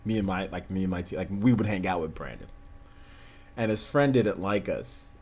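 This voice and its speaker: With a low, somewhat mellow voice at a moderate pace, a man in his 30s hosts a relaxed livestream. He tells rambling stories and laughs often along the way.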